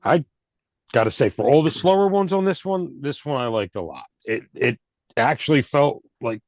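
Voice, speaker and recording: A man's voice: on the low side, no echo, clean studio sound. A man co-hosting a casual album review chat, laid-back and rambling with restarts. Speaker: podcast co-host.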